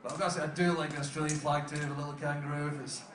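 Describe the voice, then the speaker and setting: A Scottish man calls the fights with easy, joking banter in a fairly high voice. He sounds echoey and set back from the mic. A steady noise sits under his voice. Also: very fast. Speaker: commentator. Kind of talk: live sports commentary. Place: outdoor fighting tournament venue. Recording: echoey, distant, noisy arena.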